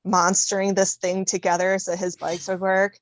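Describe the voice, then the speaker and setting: A woman's voice: mid-range voice, level tone, moderate pace, no echo. A woman talking casually as a podcast guest, telling stories with laughter. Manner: chatty, laughs often, storytelling. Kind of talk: casual conversation.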